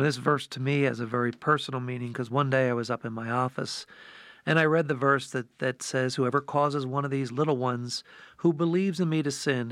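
A man's voice: mid-range voice, vocal fry, a bit bright, no echo, studio quality. A man telling an earnest, heartfelt personal story as part of a reflection. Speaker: co-host sharing a reflection. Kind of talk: personal testimony.

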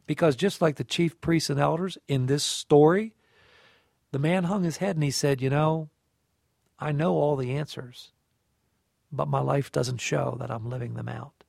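Man, slightly high gravelly voice, animated storyteller, reflection on scripture, dry studio sound. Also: normal speed, no echo. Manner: animated storyteller, acts out dialogue. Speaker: co-host of a scripture reflection show. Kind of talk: conversational faith reflection.

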